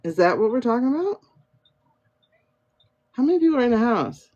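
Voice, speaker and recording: Her somewhat high voice is sing-song, brisk, and a little mellow, coming through a muffled phone livestream recording. She's a tarot and pendulum reader hosting a live reading, thinking aloud, chatting with viewers by name, and answering questions she puts to herself.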